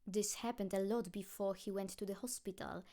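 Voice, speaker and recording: Woman narrator reading fan fiction, animated storytelling. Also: medium pitch, normal speed.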